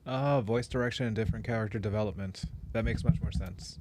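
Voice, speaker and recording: A man's voice: fairly low pitch, quick pace, background noise. Easygoing male podcast co-host. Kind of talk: casual podcast chat.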